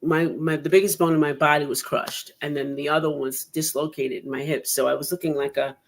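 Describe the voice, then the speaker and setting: A woman's voice: deep voice, fairly quick. A woman hosting a podcast in casual chat, telling her story with lots of laughter and acted-out quotes. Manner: animated storyteller who laughs often and acts out quotes. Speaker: podcast host.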